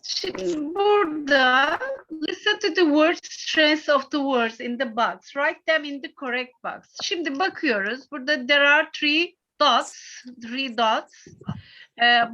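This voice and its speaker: A middle-aged woman with a Turkish accent teaching an English class, explaining patiently in halting sentences with many fillers. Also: sits high, pushed and bright, lo-fi sound.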